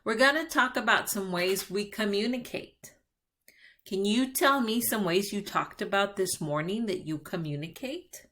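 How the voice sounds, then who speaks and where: Slow, patient bilingual teacher woman. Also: medium pitch, sharp tone. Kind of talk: bilingual classroom lesson.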